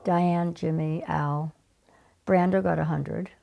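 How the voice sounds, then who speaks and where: An older woman, a casting director, telling stories in an interview, animated and acting out the people she quotes. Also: low voice, slow pace, vocal fry, lo-fi sound. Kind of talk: casual interview storytelling.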